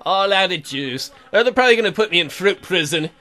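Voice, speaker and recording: A man's voice: high voice, lively intonation, fast talker, bright, forceful tone, soft background music. A man hosting a let's play, giving casual, jokey commentary and reacting aloud to the game.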